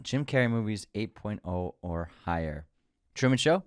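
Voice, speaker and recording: A man co-hosting a podcast in easygoing casual chat, quick to exclaim when surprised. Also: fairly low pitch, expressive, clear, resonant tone, no room sound, studio quality. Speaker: podcast co-host.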